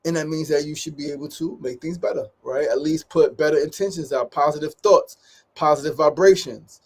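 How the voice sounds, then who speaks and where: Upbeat man with a higher voice. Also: brisk, slightly rough. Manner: upbeat, repeats phrases, keeps asking "right?". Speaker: daily show host. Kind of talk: motivational casual talk.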